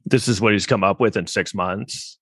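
A man reacts to clips in a loose, rambling commentary, sarcastic and mocking, with frequent swearing. His voice sits fairly low, and the recording is dry and close. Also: normal speed, a bit bright, breathy edge, dry recording. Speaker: podcast host.

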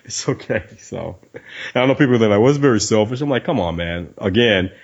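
Fast-talking husky man, lo-fi sound. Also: medium pitch. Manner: animated, acts out quoted voices with laughs. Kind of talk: casual chat. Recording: dull lo-fi sound.

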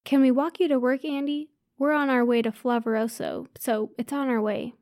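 A woman's voice: sits high, fairly even intonation, normal speed, darkish tone, no room sound, studio quality. A woman voicing a shy, polite young man who talks cautiously. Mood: friendly.

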